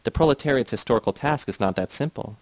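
A man reading a novel aloud as scripted narration, in a steady, measured way. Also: mid-range voice, no room sound, poor audio. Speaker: audiobook reader.

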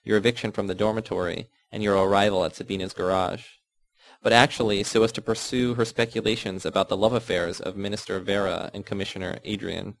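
Male audiobook narrator, lowish voice, measured first-person storytelling. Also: fairly even intonation, gravelly. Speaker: audiobook reader.

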